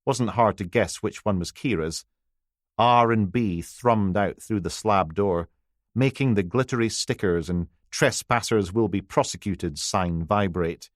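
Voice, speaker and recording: Man reading crime audiobook, lowish voice, dry wry delivery, close dead mic. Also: measured pace, no echo. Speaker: audiobook narrator. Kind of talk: scripted crime audiobook narration.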